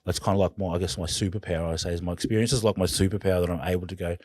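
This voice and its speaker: A man with an Australian accent and a very low voice speaks as a podcast guest. He tells his own story in an earnest, halting way, heavy with feeling, and the sound is close and dry with no room around it. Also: steady tone, a little mellow, no echo. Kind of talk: personal storytelling in conversation.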